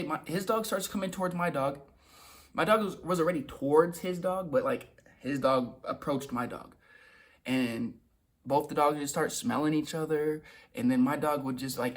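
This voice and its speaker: A man's voice: a little high, fairly quick. A young man telling a casual, rambling story in a vlog, restarting and repeating words and swearing now and then. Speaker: vlogger.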